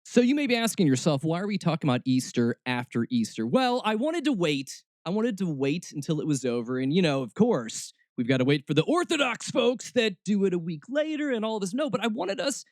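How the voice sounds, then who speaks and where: A man's voice: high-pitched, big pitch swings, fairly quick, few pauses, no room sound, clean studio sound. A man hosting a snarky comedic podcast, talking sarcastically and slipping into mock voices. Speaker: podcast host.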